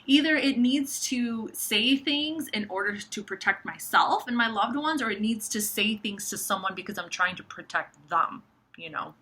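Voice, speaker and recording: A young woman talking casually to camera, animated and profane, full of fillers like "like" and "you know". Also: medium pitch, moderate pace, husky. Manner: animated, swears, many likes. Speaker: astrology vlogger.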